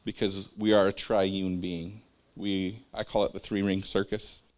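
Low-voiced man preaching, rambling. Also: flat delivery, measured pace, darkish tone. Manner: rambling, jumps between stories; conversational, with fillers. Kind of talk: informal teaching with personal stories.

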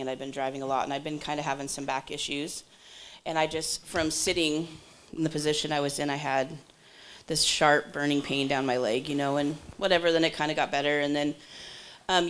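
Woman, church testimony, animated and breathless, fairly low voice, then prayer. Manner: animated, breathless storyteller with quick asides. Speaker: church member giving a testimony and leading prayer. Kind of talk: lively testimony storytelling, then spoken prayer. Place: church service before a congregation.

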